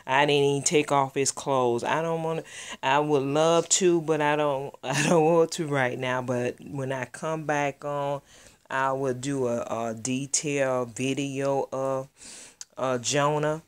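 A woman's voice: extremely low pitch, fairly even intonation, a little slow, clean tone. A woman vlogger telling a heartfelt, gushing story in a casual chat, close to tears. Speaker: doll collector vlogger. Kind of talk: casual vlog reveal.

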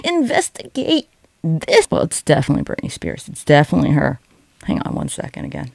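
A woman's voice: low voice, fairly even intonation, fast, gravelly, darkish tone, no room sound. A young woman giving sarcastic, profane, rambling comedic commentary over online videos.

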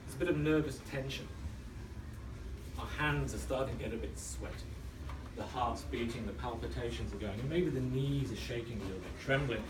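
A man in his thirties giving a storytelling speech, dramatic and dropping to a hush for tension. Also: mid-range voice, fairly quick, background noise. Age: 30s. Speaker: club speaker. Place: function room. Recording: echoey room, mic at a distance, faint ambience.

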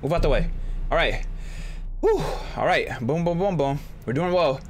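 A man's voice: expressive, normal speed, slight background noise. A young man commenting on a horror game he is playing, joking and squealing when startled. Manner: jokey, jumps into high squeals when startled. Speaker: gaming YouTuber. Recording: music bed under voice.

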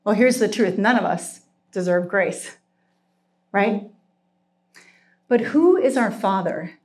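A middle-aged woman giving a heartfelt sermon with personal testimony, earnest and emotional, slowing down for emphasis and at times tearful. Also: medium pitch, darkish tone. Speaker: speaker at a Christian retreat.

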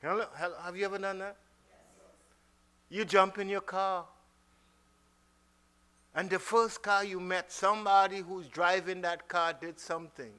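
High-voiced man preaching with big swings. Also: flat delivery, clean tone. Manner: dramatic swings between loud exhortation and soft slow speech; calls out to the congregation. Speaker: minister. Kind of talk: sermon.

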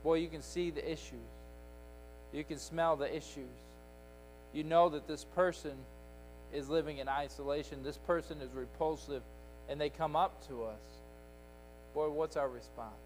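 A man preaches a Sunday school lesson, building each point through emphatic repetition. His voice sits a little high for a man, and faint music hums underneath. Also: steady tone, moderate pace, pauses often, low-quality recording. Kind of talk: sermon. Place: church sanctuary.

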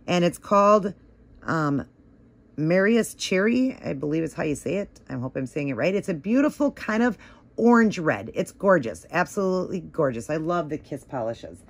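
A woman's voice: low-pitched, sing-song, normal speed, creaky, husky. A woman giving a casual, rambling tutorial on nail art at home, with lots of fillers as she works. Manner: chatty, rambling, many "like" and "um" fillers.

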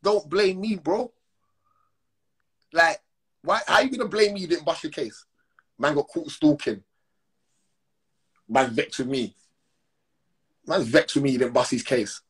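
A man's voice: on the high side, a little slow, pauses often, slightly rough. A man ranting on a phone livestream, heated and slangy, repeating his call-outs. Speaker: Instagram live streamer. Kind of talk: confrontational live-stream rant.

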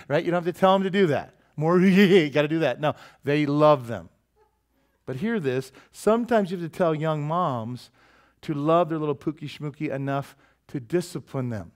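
A middle-aged man preaching in a church sanctuary with a slightly high-pitched voice. He keeps it conversational and full of jokes, often dropping into little quoted voices. The tone is that of a pastor chatting with his congregation. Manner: conversational, joking, quick shifts into quoted voices. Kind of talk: sermon.

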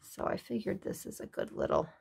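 A woman's voice: brisk, a little mellow, slight background noise. A middle-aged woman hosting a craft video, chatting casually in a rambling, folksy way while she works in her craft room.

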